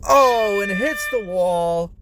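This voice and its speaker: A man giving casual play-by-play commentary on a game competition, excitable and swearing, yelling when players fall. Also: fairly high pitch, unhurried, noisy background.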